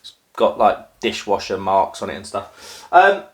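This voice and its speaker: This Norfolk man hosts craft beer videos and is filmed on a phone for a casual home vlog, crouched down as he makes a drink. His voice is lowish and very animated, a little slow, and full of rambling, self-deprecating chatter and frequent ums.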